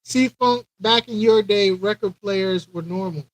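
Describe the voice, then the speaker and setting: Brooklyn-raised male host, higher-pitched voice, loose rambling live-chat storyteller. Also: a little slow, no echo, low-quality recording. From Brooklyn, New York. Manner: animated, repeats himself, imitates record scratching. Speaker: aquarium channel host. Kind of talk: casual live-stream storytelling.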